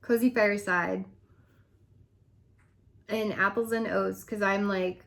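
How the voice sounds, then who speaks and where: A woman's voice: mid-range voice, steady tone, takes it slowly, vocal fry, long pauses, a bit bright, slight background noise. A woman sales consultant ranting in a casual vlog, laughing often and dropping into dramatic whispers, her voice a little worn. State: losing her voice.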